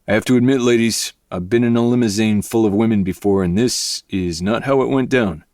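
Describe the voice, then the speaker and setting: A man voicing a cocky, joking young man who talks loudly, in an audiobook reading. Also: lowish voice, a little fast, dry recording, studio quality, pitched above the performer's own voice, close to an everyday voice. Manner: loud, joking.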